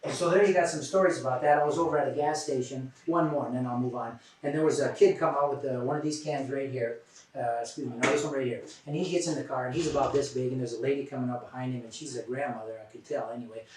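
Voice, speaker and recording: A man talks fast to a room, giving a prevention lecture built from lively anecdotes. He acts out the people in his stories and gets loud when a story heats up. His voice sounds far from the mic, with heavy room echo around it. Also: mid-range voice. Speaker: substance use prevention presenter.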